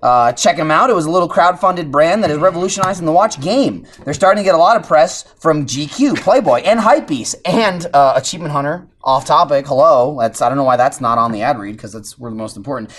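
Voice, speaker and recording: A man's voice: fairly high pitch, lively intonation, a bit bright. A man co-hosting a podcast, reading a sponsor ad in a joking, casual way. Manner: joking, fast-talking. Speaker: podcast co-host. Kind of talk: casual chat, ad read.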